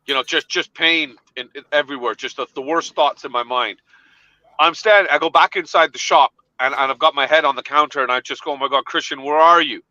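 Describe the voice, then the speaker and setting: A man telling an animated story in a casual chat, laughing along as he goes. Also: on the high side, a little fast, no room sound, muffled recording.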